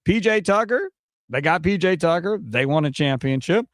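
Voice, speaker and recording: A man with a Wisconsin accent hosting a sports radio show, arguing his points in an animated way. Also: a little high, moderate pace, no echo, clean studio sound. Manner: animated, argumentative, mocks others' panic in quotes. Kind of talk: sports talk radio commentary. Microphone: studio microphone.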